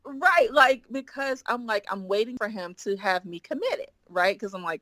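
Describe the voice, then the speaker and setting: A woman guest on a podcast telling a story in animated chat, often acting out what she and others said. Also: a little high, normal speed, no echo. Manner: lively, quotes herself and others in acted voices, frequent "like".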